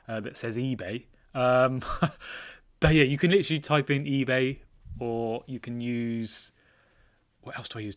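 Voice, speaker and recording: A man hosting his own channel, answering viewer comments in a casual, self-deprecating chat and laughing often. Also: mid-range voice. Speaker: trading card collector channel host.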